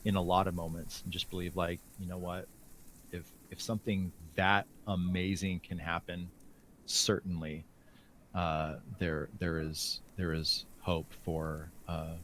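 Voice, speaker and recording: A man with a low, deep voice talks slowly and haltingly, restarting his sentences and filling the gaps with fillers. A faint hum of room noise sits under his voice. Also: flat delivery, a bit bright. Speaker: guest. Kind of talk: casual conversation.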